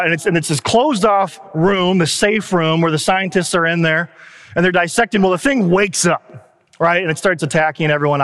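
A man preaching a sermon in a conversational, animated way, retelling stories with quoted lines. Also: on the high side, big-room sound. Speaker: pastor.

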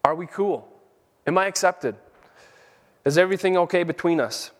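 A man's voice: sits high, moderate pace. Fervent preacher man in a reverberant hall. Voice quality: fervent, rising to emphatic peaks. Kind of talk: sermon.

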